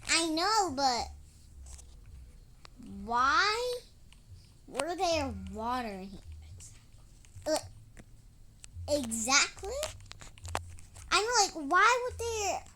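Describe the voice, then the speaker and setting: A woman's voice: high-pitched, big pitch swings, very slow, pauses often, noisy background. A young girl narrating her own role-play game in a casual, dramatic, giggly way and talking to an in-game duck. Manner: dramatic, giggly, easily startled.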